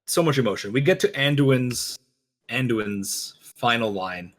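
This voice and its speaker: A man co-hosting a game lore reaction show, talking fast and animatedly, acting out quoted lines. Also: medium pitch, animated. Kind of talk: casual chat, lore analysis.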